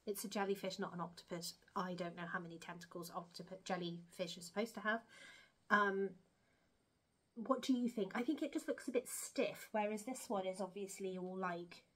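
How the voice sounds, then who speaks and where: A woman's voice: mid-range voice, normal speed. A woman chatting casually to camera about her crochet projects, rambling and self-deprecating. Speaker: crochet vlogger.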